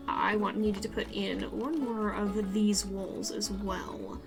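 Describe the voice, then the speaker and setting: A woman streams a zoo-building game and talks in a Southern US accent, rambling on to her chat with frequent laughs and restarts. Her voice sits at an everyday middle pitch. Soft music plays faintly behind her. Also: flat delivery, slow pace, creaky, hardly any pauses.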